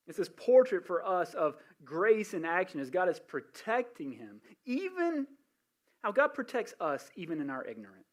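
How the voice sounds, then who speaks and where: A male pastor preaching a sermon, telling the story in an animated way with asides and restarts. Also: high-pitched, moderate pace.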